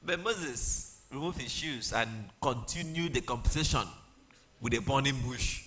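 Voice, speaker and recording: Lively preacher, bright voice. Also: male voice, mid-range voice, a little slow. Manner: animated, humorous retelling with pidgin asides. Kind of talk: storytelling sermon.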